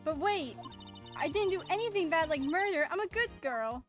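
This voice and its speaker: A woman's voice: very high-pitched, expressive, moderate pace, soft background music. A woman voicing a haughty, snippy young witness. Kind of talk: reading game dialogue aloud.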